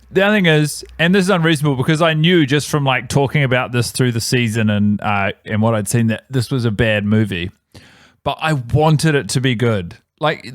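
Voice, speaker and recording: Kiwi guy co-hosting a podcast, mid-pitch, rambling animated chat, dry close mic. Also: dry recording. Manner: rambling, self-correcting, animated storytelling. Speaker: podcast co-host. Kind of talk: casual chat.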